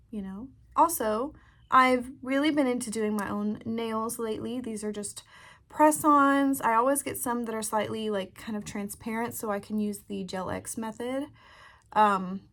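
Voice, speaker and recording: A woman with a somewhat high voice talks casually to her camera as a beauty vlogger. She is relaxed and chatty, with frequent ums, recorded indoors by a window. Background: fan running.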